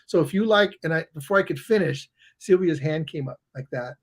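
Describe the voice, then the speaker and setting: High-voiced animated male storyteller. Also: fairly quick. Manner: animated, acts out the people in his stories. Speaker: guest, coach and author. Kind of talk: conversational storytelling.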